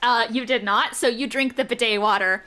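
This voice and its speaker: A woman's voice: on the high side, fairly even intonation, moderate pace, bright, forceful tone. A woman narrating as game master in a tabletop game, playful and often laughing. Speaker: dungeon master.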